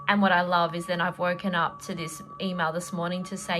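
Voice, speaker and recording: A woman's voice: on the low side, flat delivery, brisk, few pauses, a bit bright, soft background music. A middle-aged woman, a tarot reader and energy healer, talking casually and rambling with lots of fillers. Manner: chatty, rambling, with many fillers and laughs. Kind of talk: casual spoken tarot reading.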